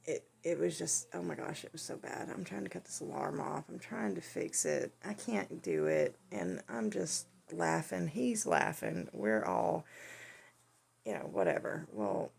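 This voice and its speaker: Gravelly, animated woman. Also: low-pitched, unhurried. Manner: animated, laughing storyteller. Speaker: vlogger. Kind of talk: casual storytelling.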